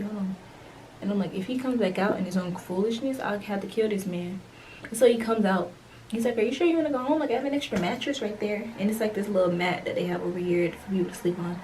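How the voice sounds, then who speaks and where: A young woman vlogger telling a storytime tale casually, acting out the dialogue with slangy, animated delivery. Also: mid-range voice, recorded from a distance, slight background noise, rough recording.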